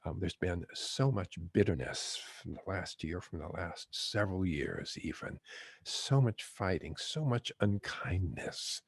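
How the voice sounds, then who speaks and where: Man hosting a guided imagery talk, slow and gentle, husky voice, dry sound. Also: sits low, expressive, dry recording. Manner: gentle, unhurried, chuckling storyteller. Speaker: host, physician teaching guided imagery. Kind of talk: reflective talk with teaching stories.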